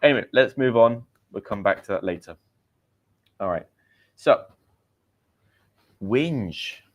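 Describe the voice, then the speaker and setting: A fairly low, expressive male voice with a British accent takes things slowly while hosting a live vocabulary session. This English teacher chats easily, testing viewers with quiz questions and reading out their remarks, over dull-sounding audio.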